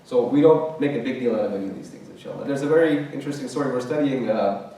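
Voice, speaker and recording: Male religious class teacher, relaxed and conversational, recorded from afar in a reverberant mosque. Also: medium pitch, fast talker, slight background noise. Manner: conversational, checks in with "right?" often. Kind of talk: Quran commentary class. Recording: very echoey room, distant mic.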